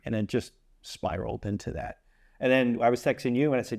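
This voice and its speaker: This is a man with a gravelly, creaky voice. He hosts a theater chat show and talks in a loose, meandering way, doubling back on his words and slipping in jokes at his own expense. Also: mid-range voice, steady tone, quick pace, a little mellow. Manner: rambling, joking, restarts often. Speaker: community theater podcast host and epilogue writer. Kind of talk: casual rambling chat with self-mocking jokes.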